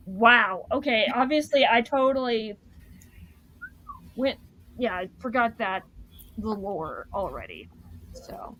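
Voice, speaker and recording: Co-host, female, slightly high voice, unhurried, playful banter. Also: animated, lo-fi sound. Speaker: co-host on the stream. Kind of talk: casual live-stream chat.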